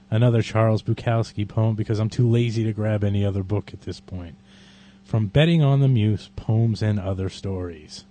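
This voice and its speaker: Man, podcast host, low pitch, dark mellow tone, casual, poetry reading.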